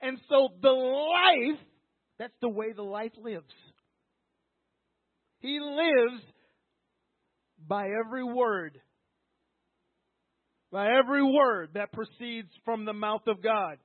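A man's voice: extremely high pitch, slow, pauses often, no echo. A man preaching an emphatic, repetitive sermon, often acting out quoted voices. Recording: tinny phone-like line, dry.

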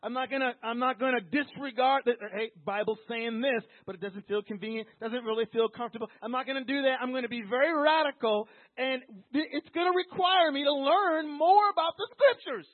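A man's voice: very high-pitched, a little fast, hardly any pauses, dry recording. A man preaching an emphatic, repetitive sermon, often acting out quoted voices. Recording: tinny phone-like line, dry.

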